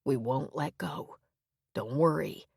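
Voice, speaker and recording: A quiet, gentle grown man speaks in a low, reassuring murmur, as a woman narrator reads his lines. His voice sits low and carries a gravelly edge, recorded close and dry. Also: takes it slowly, no room sound, heavily acted. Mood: soothing. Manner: soft, reassuring, low-key. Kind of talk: audiobook character reading.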